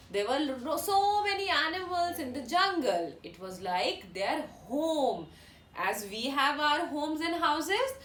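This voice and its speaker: A woman's voice: high-pitched, pushed and bright, slight background noise. A woman narrating a children's story expressively, asking her young listeners questions, in an echoey room.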